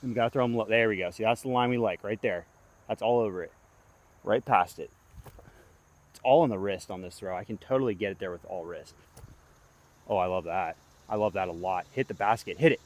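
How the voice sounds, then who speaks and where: A young man on an outdoor disc golf course films himself, calling every throw in a rather low, fairly quick voice broken by frequent pauses. His vlog commentary swings from hyped pleading to groans while insects chirp behind him.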